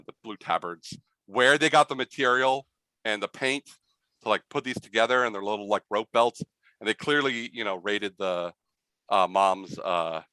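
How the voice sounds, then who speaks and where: Bright-voiced male game master. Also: on the low side, no room sound, rough recording. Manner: rambling, full of fillers. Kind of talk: narrating a tabletop game.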